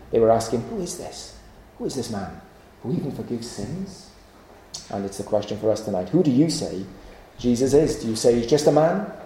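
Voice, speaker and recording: A man's voice: mid-range voice, warm tone. A man preaching an evening sermon, pleading with his listeners through earnest, repeated rhetorical questions. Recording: echoey hall.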